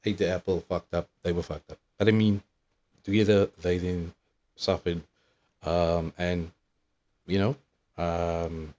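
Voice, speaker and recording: A man in his thirties with a notably deep, low voice rambles through a loose, swear-filled retelling. His delivery is casual and meandering, full of asides and restarts. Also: flat delivery, unhurried, pauses often, darkish tone. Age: 30s. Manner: profane, meandering storytelling. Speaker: vlogger.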